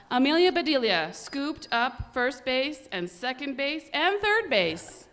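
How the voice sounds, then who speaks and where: A woman reading a children's story aloud at a church service, animated and expressive. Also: sits high, takes it slowly, few pauses, noisy background.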